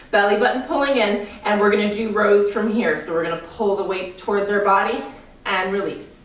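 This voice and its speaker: A woman's voice: mid-range voice, a bit bright. Female fitness instructor, winded, counts reps and calls cues, distant mic in a very echoey room. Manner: counts reps aloud, cueing moves while exercising. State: out of breath. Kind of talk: guided workout instruction.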